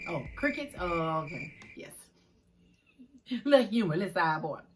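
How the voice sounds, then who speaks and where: A middle-aged woman, hosting a vlog and telling a personal story in an expressive way, speaking straight to her viewers. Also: lowish voice, normal speed, soft background music. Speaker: vlog host.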